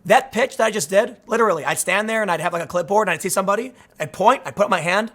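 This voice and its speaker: A man in his thirties delivers an off-the-cuff commentary monologue in a noticeably high voice. He talks casually and sarcastically, often restarting sentences and wandering into asides. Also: rapid-fire, fairly bright tone. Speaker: political commentary host.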